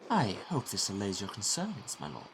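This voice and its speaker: A man's voice: fairly low pitch, huge pitch swings, moderate pace, background noise. A man doing a fawning, nervous abbot. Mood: placating. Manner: obsequious, placating.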